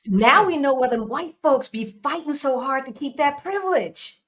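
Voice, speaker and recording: A woman co-host chimes in during a relaxed chat with quick reactions and jokes. Her voice is high and swoops widely. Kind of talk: casual chat.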